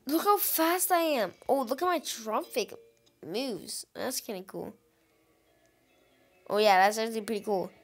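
An excitable woman with a fairly high voice gives running let's-play commentary. She talks directly to her viewers and keeps breaking into exclamations. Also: a little slow, pauses often. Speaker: gaming channel host.

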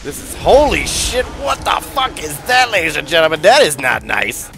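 A man voicing a foul-mouthed, drug-addled wasteland junkie with excitable, rambling, profane game commentary. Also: fairly high pitch, moderate pace, music in the background, voice pushed up. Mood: excited. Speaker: game streamer. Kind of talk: role-play game commentary.

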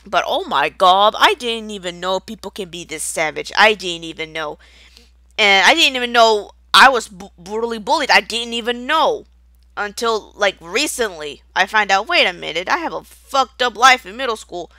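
A woman's voice: mid-range voice, expressive, moderate pace, bright, forceful tone, no room sound. A young woman in an unscripted rant, angry and profane, rambling with stutters and restarts. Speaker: video creator.

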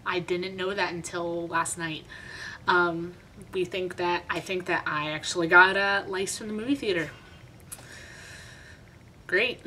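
A woman's voice: lowish voice, bright, forceful tone, slight background noise, poor audio. A young woman vlogger telling a story in a chatty, dramatic, self-mocking way. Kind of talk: casual storytime vlog.

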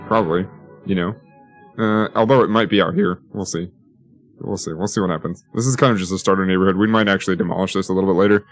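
A lower-pitched man chats loosely over a city-building game, muttering to himself and cracking jokes as he plans roads and services. Faint music plays under his voice. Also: fairly even intonation, fast talker, no room sound. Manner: rambling, joking, talks to himself while building. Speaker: gaming YouTuber. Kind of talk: casual let's-play commentary.

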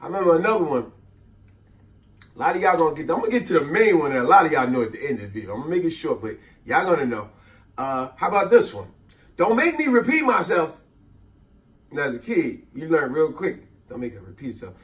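A man tells funny stories from his childhood in a casual, animated way. His voice swings up and down a lot, and he sits a little back from the mic. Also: a little high, fast, far from the mic. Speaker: vlogger. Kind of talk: comedic storytelling. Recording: voice a bit off-mic.

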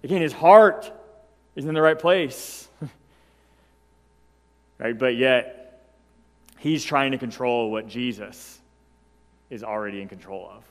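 A man preaching a sermon as pastor, emphatic and animated, who keeps checking in with the congregation by asking "right?". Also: mid-range voice, slow, pauses often, in a large hall. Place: church sanctuary.

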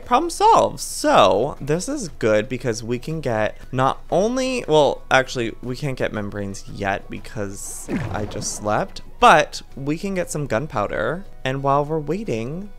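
Guy doing minecraft commentary, super expressive voice jumping all over, bit of music behind. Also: mid-range voice. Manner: animated, theatrical, talks to game mobs with mock outrage. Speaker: gaming channel host.

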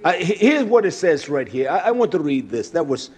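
A man preaching a sermon with fervent delivery that moves between shouts and quieter stretches, breaking in with repeated hallelujahs. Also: fairly high pitch, big pitch swings, fairly quick. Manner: fervent, rising to shouts, then quieter and reflective.

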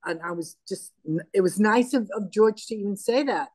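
A woman's voice: medium pitch, normal speed, darkish tone, dry recording. An older woman as an interview guest, retelling past events in a conversational, anecdotal way and acting out the dialogue. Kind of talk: conversational storytelling.

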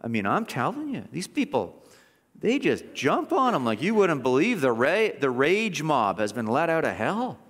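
A man's voice: fairly high pitch, wildly swooping pitch, moderate pace, fairly bright tone, long reverb tail. A man preaching a sermon as pastor, impassioned, with mocking asides and repeated words. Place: church sanctuary.

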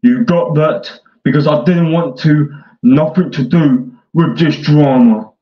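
A man delivering a mocking parody rant in a sarcastic, taunting way, swinging between whiny and gruff. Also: a little high, takes it slowly. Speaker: online troll. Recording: echoey dull lo-fi room.

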